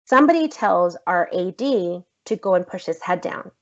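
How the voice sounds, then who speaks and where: A woman actress telling a story in a casual podcast interview, animated and emphatic, swearing freely. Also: lowish voice, normal speed. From United States. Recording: slightly dull lo-fi podcast audio.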